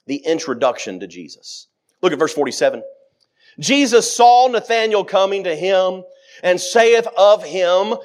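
High, animated male preacher. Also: measured pace. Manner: dramatic, acts out scripture quotes with big swings in pitch and loudness. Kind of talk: sermon.

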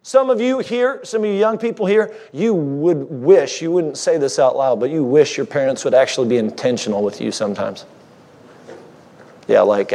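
A man's voice: medium pitch, vocal fry, warm tone. A man preaching a sermon as a guest speaker, conversational and joking with the congregation, married fifteen years.

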